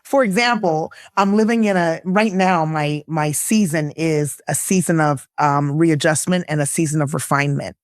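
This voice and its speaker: A woman guest, an actress and lifestyle coach, speaking earnestly and reflectively in a candid conversation, her voice jumping up when she laughs or gets excited. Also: moderate pace, few pauses, no echo, clean studio sound. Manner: earnest and reflective, with bursts of laughter and pitch jumps.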